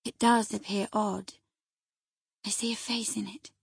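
A woman's voice: mid-range voice, little pitch movement, a little slow, vocal fry, husky, no room sound, studio quality, heavily acted. A woman reading the part of a feverish, frightened young noblewoman, with anxious, breathless lines that often drop to a whisper. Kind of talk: audiobook character reading.

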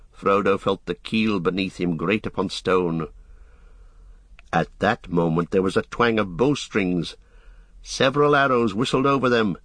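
A man reading a fantasy story aloud as an audiobook narrator, in a steady storytelling manner. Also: on the low side, dry recording. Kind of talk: scripted narration.

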